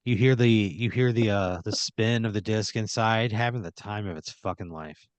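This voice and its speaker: A man improvising a comedic story on a podcast, narrating in second person with deadpan, drawn-out phrasing. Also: fairly low pitch, no echo, highs cut off. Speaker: podcast host spinning a scenario.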